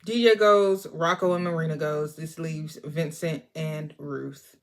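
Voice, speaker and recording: A woman's voice: sits low, measured pace. Chatty woman recapping a movie. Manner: chatty and expressive, talking straight to viewers. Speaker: movie reviewer.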